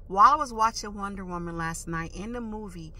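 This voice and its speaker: A woman vlogger telling a story in a casual, animated way, full of emphatic slang and sound effects like "boom" and "whoop.". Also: fairly quick.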